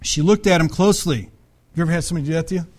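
Brief: male pastor, fairly high voice, chatty sermon delivery with questions to the congregation. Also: rapid-fire, darkish tone. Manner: conversational, acts out the Bible voices, asks the audience questions.

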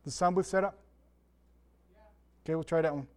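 A pastor preaching a conversational sermon, mixing scripture with chatty asides and self-deprecating jokes. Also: male voice, on the high side, steady tone, normal speed, darkish tone.

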